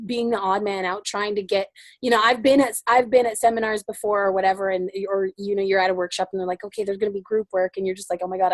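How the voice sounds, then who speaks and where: A woman's voice: mid-range voice, no room sound. Encouraging woman leading a group, dry sound. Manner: encouraging, affirming, many fillers. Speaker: group facilitator. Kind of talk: leading a women's group discussion.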